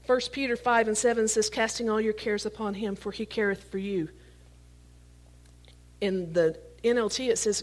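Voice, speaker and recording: A woman preaching a sermon to a congregation, reading scripture and joking as she catches props. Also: medium pitch. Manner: playful, talks to the congregation, jokes while catching props. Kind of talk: sermon with a live prop illustration.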